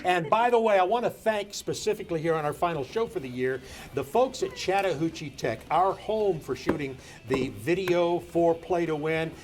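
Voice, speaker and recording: A man's voice: on the high side, moderate pace, slight background noise. A man hosting a sports show in a studio, talking casually and joking with his guests. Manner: jovial, joking.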